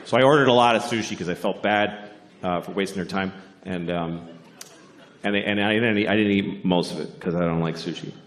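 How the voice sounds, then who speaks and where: A man's voice: low voice, a little fast, a bit bright, echoey room. A man performing a stand-up comedy set, ranting sarcastically with plenty of profanity and mock outrage.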